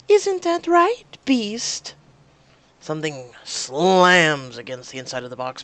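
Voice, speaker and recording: A woman reading the narration of a story game aloud in a plain, steady way. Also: deep voice, creaky. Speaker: reader.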